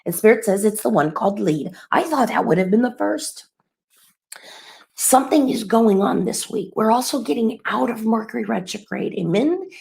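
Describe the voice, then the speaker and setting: A middle-aged woman hosting a live-streamed spiritual message, animated and rambling, laughing often. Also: on the high side, normal speed, vocal fry. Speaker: spiritual channeler and course host.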